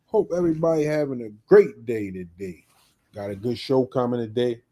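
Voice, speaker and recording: A man's voice: medium pitch, normal speed, mellow. A man hosting a live podcast in casual chat, upbeat and slangy as he greets viewers by name. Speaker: podcast host.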